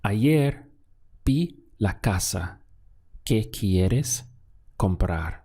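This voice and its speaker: A man teaching a Spanish lesson, patiently asking questions and pausing so learners can answer. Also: lowish voice, animated, mellow, slightly rough. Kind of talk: scripted language lesson.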